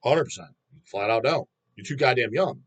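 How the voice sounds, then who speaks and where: Metal vlogger, male, mid-pitched voice; rambling, blunt, swears constantly. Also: expressive, a little fast, husky. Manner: profane, blunt, rambling with restarts. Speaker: metal channel host. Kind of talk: ranting vlog monologue.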